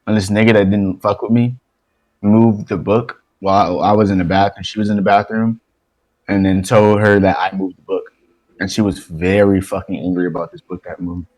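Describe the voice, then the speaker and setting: A young man co-hosting a casual podcast, telling a story in an animated way, swearing and laughing as he goes. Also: sits low, normal speed, low-quality recording. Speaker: podcast co-host.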